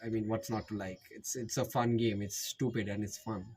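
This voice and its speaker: Husky man with an Indian accent. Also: on the low side, little pitch movement, moderate pace, a little mellow, low-quality recording. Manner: rambling, jokey, self-correcting. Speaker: YouTuber. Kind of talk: casual recommendation monologue.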